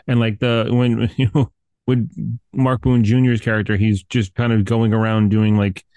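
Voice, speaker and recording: A man's voice: on the low side, flat delivery, moderate pace, darkish tone, no echo. A man chatting casually about a horror film, rambling with lots of fillers and swearing. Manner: rambling, many fillers, profane. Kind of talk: casual movie review chat.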